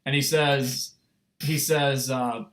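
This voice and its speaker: A young man telling a story on a casual livestream, rambling and excitable, full of fillers and restarts. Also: mid-range voice, slow pace. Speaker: streamer.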